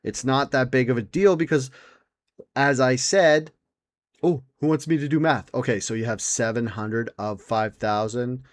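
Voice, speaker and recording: A man in his forties hosting a solo comedy podcast, rambling and swearing, with mock outrage and sudden leaps into a high excited voice. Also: normal speed, dry recording. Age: 40s. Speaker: podcast host.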